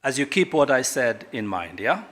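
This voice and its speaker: A man's voice: medium pitch, very animated, normal speed. Emphatic middle-aged man giving a speech. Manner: emphatic orator, sharp swings between loud and quiet. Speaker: government guest speaker. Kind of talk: public speech at a corporate launch.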